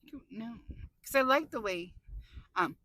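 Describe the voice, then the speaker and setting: A woman vlogger chatting excitably while driving her car, laughing often. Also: fairly high pitch, unhurried, dry recording, poor audio. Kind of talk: casual chat while driving.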